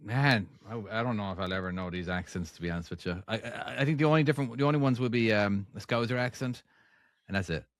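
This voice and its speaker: A man's voice: on the low side, fast, no room sound, studio quality. A man co-hosting a casual podcast, rambling bluntly with the odd swear. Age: adult. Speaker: podcast co-host.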